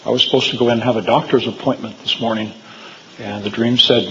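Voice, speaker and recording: A man's voice: mid-range voice, steady tone, quick pace, sharp tone, muffled recording, a little hiss or hum. Man telling stories in a hall. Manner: rambling, with frequent fillers and restarts. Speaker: speaker giving a talk. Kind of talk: storytelling lecture to a live audience. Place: hall with audience.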